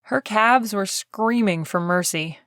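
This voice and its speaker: Audiobook narrator: woman, mid-pitched, steady storyteller, dry booth sound. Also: takes it slowly, dry recording.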